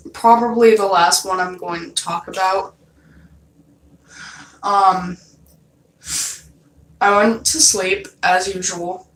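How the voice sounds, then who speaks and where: A woman's voice: mid-range voice, a little hiss or hum. A young woman telling a dream story in a loose, casual way, swearing often and leaning on fillers. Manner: loose and profane, many fillers. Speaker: vlogger. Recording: roomy, from a distance off mic.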